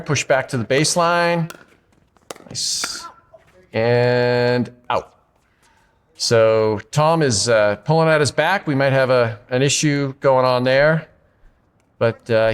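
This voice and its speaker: A man calls pickleball play-by-play from an outdoor court with a voice in the middle of his range. His delivery is upbeat and steady as he follows each rally. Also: mid-range voice, clean tone. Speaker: pickleball commentator. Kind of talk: play-by-play sports commentary.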